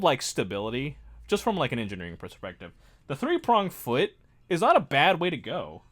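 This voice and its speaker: A man chatting casually to his viewers while he builds a model kit. His pitch swings up and down a lot. He rambles, mocks himself and often breaks into laughter. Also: a bit bright. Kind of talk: casual livestream chat.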